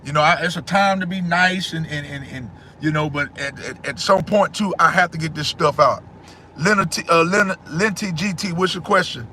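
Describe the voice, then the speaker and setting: A man hosting a casual livestream, answering his chat in a loud, preachy way and repeating phrases. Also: on the high side, moderate pace, slight background noise.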